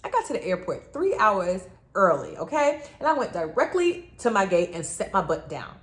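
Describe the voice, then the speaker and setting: A young woman telling a dramatic travel story to her viewers in an animated vlog. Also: mid-range voice, normal speed. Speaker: travel vlogger.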